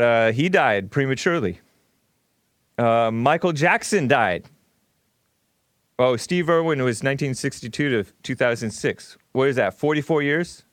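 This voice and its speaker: A man in the middle of an unscripted stream monologue, wandering from thought to thought with fillers, false starts and little laughs. His voice sits at an ordinary pitch. The mic is close, with no room sound around it. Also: no room sound. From California. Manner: rambling, laughs often, many fillers and restarts. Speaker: host. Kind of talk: casual livestream monologue.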